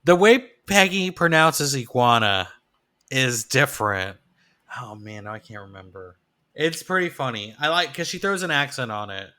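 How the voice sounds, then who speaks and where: A man co-hosting a podcast in a relaxed back-and-forth. His voice is bright and a little tense, at an average pitch. He hesitates, restarts his sentences and lets his thoughts trail off. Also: normal speed. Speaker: podcast co-host. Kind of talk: casual chat.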